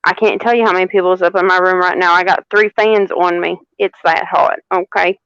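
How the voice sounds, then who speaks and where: A woman giving a live tarot reading, unhurried and repeating phrases for emphasis. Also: on the low side, steady tone, a bit bright, clear, resonant tone, no room sound, dull audio. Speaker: tarot reader.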